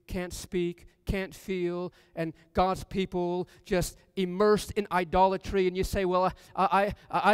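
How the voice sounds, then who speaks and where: A man's voice: high voice, smooth, no room sound, studio quality, long reverb tail. A man preaching a sermon in a church, repeating lines with building emphasis. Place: church sanctuary.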